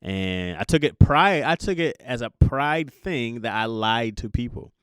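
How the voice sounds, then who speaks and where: A young man hosting a podcast, talking through a casual confessional monologue in an animated, jokey way and laughing at himself. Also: medium pitch, a little slow, clear, resonant tone, dry recording, studio quality. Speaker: podcast host.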